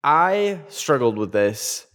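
A young man from Canada talks casually on his own podcast. He rambles and mocks himself, drifting off topic all the time. His voice sits at a middle pitch. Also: very animated, slow pace, fairly bright tone. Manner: rambling, chatty, self-mocking, easily sidetracked. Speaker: podcast host. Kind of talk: casual solo podcast chat.

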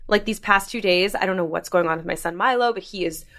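A woman's voice: medium pitch, fast talker, a bit bright. A woman in her thirties co-hosting a casual podcast, telling stories in a chatty way full of "like" and acting out quoted lines. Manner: chatty storyteller, heavy use of "like", acts out quotes. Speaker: podcast co-host. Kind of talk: casual chat.

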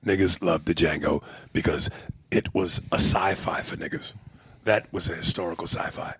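A man doing a comic impression of a cynical older comedian, ranting in a low, half-whispered drawl. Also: moderate pace, fairly bright tone, a little hiss or hum. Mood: scornful.

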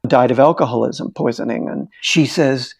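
A man's voice: mid-range voice, normal speed, vocal fry, darkish tone, slightly rough. A middle-aged man, a therapist and interview guest, animatedly telling a case story and acting out the dialogue.

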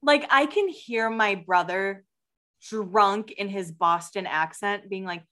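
A woman's voice: medium pitch, slow, bright, forceful tone. A woman co-hosting a podcast, chatting casually and laughing often. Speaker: podcast co-host. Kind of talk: casual chat.

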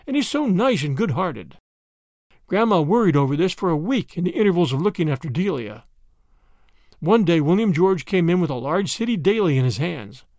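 Lively, high-voiced male storyteller. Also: fairly quick, no echo, clean studio sound. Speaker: podcast narrator. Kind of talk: scripted story narration.

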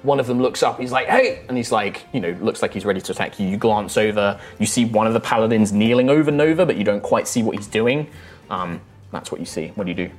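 A man's voice: on the low side, fast, faint music behind. A man narrating as game master of a tabletop game, in a loose, conversational way.

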